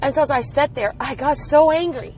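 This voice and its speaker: A woman's voice: high voice, fairly quick, a little mellow, slight background noise, poor audio. A woman podcast host telling a personal story about her son in an earnest, emphatic way.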